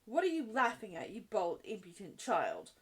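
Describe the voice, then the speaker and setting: A woman's voice: medium pitch, wildly swooping pitch, normal speed, husky. A woman doing a furious scolding schoolmistress. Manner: sharp, scolding. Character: stern angry woman schoolmistress.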